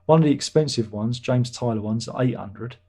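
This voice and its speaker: A man's voice: medium pitch, fairly quick, dark tone. A middle-aged British man hosting a livestream, casually answering viewer chat with dry jokes and chuckles. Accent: British English. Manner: chatty, dry jokey asides, chuckles. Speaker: livestream host reading chat.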